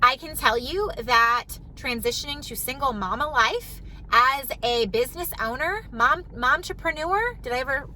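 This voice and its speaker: Woman, 30s, vlogger; emphatic, repetitive delivery; high bright voice. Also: normal speed, few pauses, slight background noise, rough recording. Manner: chatty, emphatic, repeats key phrases. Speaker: vlogger, mom and business owner. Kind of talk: casual talk to camera. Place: parked car.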